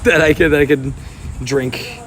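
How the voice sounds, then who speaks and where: A man's voice: a little high, animated, normal speed. A man live-streaming outdoors, chatting casually with his viewers and laughing often. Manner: laughs often, talks to chat. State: sweaty and hot. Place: outdoors at a park by water. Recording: faint outdoor background noise.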